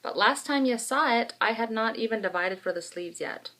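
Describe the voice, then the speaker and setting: A woman's voice: on the high side, moderate pace. A woman, co-hosting a podcast in frank, self-mocking casual chat. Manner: chatty, animated storyteller, frank and self-mocking. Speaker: podcast co-host.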